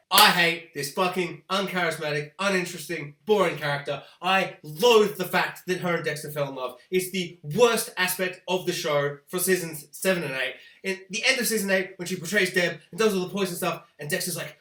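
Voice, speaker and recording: A man hosting a spoiler review of a TV show, ranting with animated, profane exaggeration. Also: high voice, normal speed, few pauses. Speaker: TV review host. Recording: echoey room.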